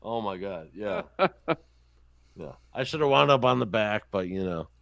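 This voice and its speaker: A podcast host with a fairly low, gravelly voice talks at normal speed, recorded without echo. He tells childhood stories in casual chat as a profane, lively storyteller, cursing frequently and acting out each person.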